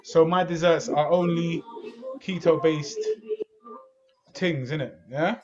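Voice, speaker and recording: A man's voice: a little high, steady tone, slow pace, music in the background. A young man, co-hosting a podcast over a video call, bantering in street slang. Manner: banter-heavy London slang. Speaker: podcast co-host. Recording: lo-fi online call audio.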